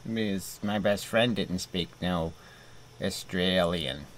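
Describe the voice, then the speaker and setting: A calm, deadpan science host, as a man puts him on in a comic mock interview. The voice sits low and the talk crawls along, halting on fillers and restarts. The tone stays unbothered and matter-of-fact throughout. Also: slight background noise. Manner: slow, rambling, halting with fillers.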